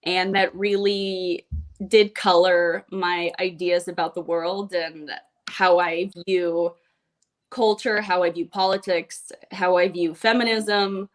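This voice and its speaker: Young woman from Ukraine, deadpan comic guest, video call from a home room. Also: fairly low pitch, slow pace. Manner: wry, deadpan jokes. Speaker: comedian guest. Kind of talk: casual video-call interview. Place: home room being turned into a studio. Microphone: laptop or phone on a video call.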